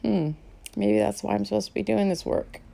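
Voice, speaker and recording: A middle-aged woman painter talking casually to herself as she sets up, rambling and halting with many fillers, sometimes dropping to a soft whisper. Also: medium pitch, fairly even intonation, creaky. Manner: drops to a soft whisper now and then. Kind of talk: casual spoken vlog while setting up to paint.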